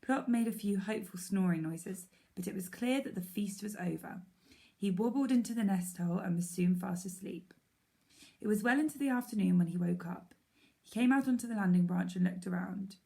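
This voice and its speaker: A woman teacher reads a children's storybook aloud, clear and even, in a storytelling manner. Her mid-pitched voice carries a gravelly, creaky edge. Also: fairly quick.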